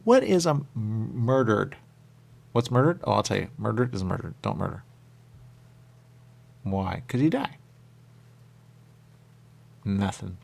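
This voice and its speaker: A man's voice: lowish voice, lively intonation, takes it slowly, creaky, pauses often, a little mellow. A man hosting a radio show, talking in a rambling, repetitive monologue that keeps circling back with small chuckles.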